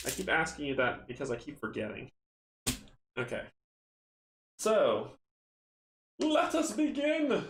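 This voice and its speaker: A chatty man runs a card game on stream, reading rules aloud and poking fun at himself between shuffles. His voice sits at a middling pitch and rings around a roomy space. A faint hiss of background noise runs underneath. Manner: chatty, self-mocking, talks to viewers while shuffling.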